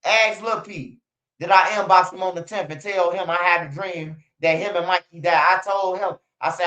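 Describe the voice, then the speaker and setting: A man talks straight to his livestream audience, rambling loosely and swearing as he goes. His voice sits a little high for a man. The stream audio is slightly dull and lo-fi. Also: fairly even intonation, normal speed, sharp tone. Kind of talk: casual livestream commentary. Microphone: streaming setup.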